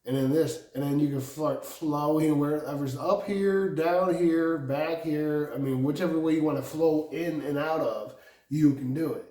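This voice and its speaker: A man rambling through a profane personal monologue, meandering and laughing often, with sudden loud outbursts. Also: on the high side, steady tone, normal speed. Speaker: vlogger. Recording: echoey room, distant from mic.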